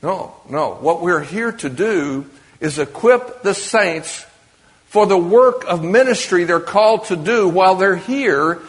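A preacher's high-sitting voice moves with lively intonation at an unhurried pace. He preaches conversationally to a congregation in a church or meeting hall, frequently asking listeners questions, and the recording carries the long reverb of a large hall.

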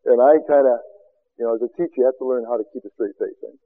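A man preaching a sermon as a seminar teacher, firing rhetorical questions and swinging from loud exclamations to quiet asides. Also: medium pitch, fast talker, phone-quality sound.

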